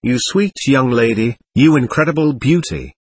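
A man voicing a sly, coquettish young woman who speaks in a soft, even, sugary drawl in an audiobook reading. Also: medium pitch, normal speed, husky, no room sound, close to an everyday voice.

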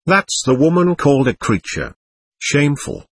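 A man reading aloud as a raging, spluttering old father who yells at everyone. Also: on the high side, big pitch swings, moderate pace, breathy edge, dry recording, full character voice. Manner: yelling, spluttering. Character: old male buffoon father, shrill and raging.

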